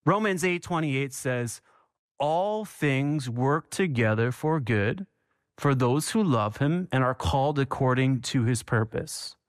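A man's voice: medium pitch, dry recording, studio quality. A man preaching a sermon with passion, repeating phrases for emphasis and asking the congregation questions. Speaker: pastor.

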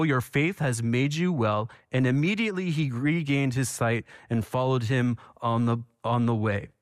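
A man's voice: mid-range voice, dry recording, clean studio sound. A man preaching a sermon with passion, repeating phrases for emphasis and asking the congregation questions. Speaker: pastor.

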